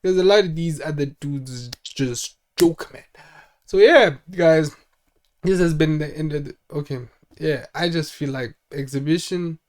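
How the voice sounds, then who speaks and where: Rambling young man, slightly high voice. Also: unhurried, a little mellow. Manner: rambling, restarts often, lots of "like". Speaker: channel host. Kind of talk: casual solo talk.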